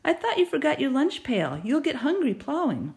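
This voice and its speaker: A woman voicing a confused elderly grandmother raised on a farm, gentle and amused. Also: high voice, wildly swooping pitch, normal speed, pitched above the performer's own voice, exaggerated voice. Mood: doting. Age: older.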